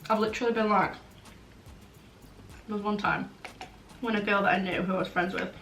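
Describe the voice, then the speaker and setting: A woman's voice: mid-range voice, fairly even intonation, a little fast, a bit bright. Frank young woman vlogging. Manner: frank, blunt, chatty, many "like" fillers. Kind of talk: casual chatty Q&A. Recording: roomy, slightly distant, faint background noise.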